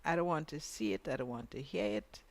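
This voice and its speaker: A woman's voice: low-pitched, expressive, a little fast, gravelly. A woman with a Grenadian accent co-hosting a radio talk show, giving frank, emphatic opinions. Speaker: radio co-host.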